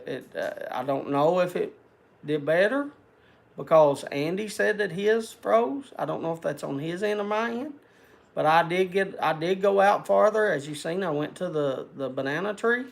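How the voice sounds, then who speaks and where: Older guy rambling to his viewers, folksy and self-deprecating, bit high, gravelly voice. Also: animated, normal speed. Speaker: livestream host. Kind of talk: casual chat to viewers.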